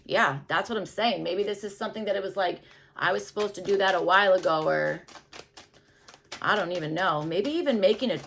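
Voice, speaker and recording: Woman doing a chatty tarot reading, rambly, lots of um and like, mid pitch, goes quiet and mumbly sometimes. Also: a little fast, creaky, a little hiss or hum. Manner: rambling, loose, many fillers and hedges. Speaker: tarot reader. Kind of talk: casual tarot reading to camera.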